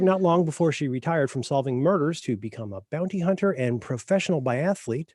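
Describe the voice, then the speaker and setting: A man giving a deadpan comic introduction before a reading, halting and dry with frequent ums. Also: a little high. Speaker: guest author and podcaster.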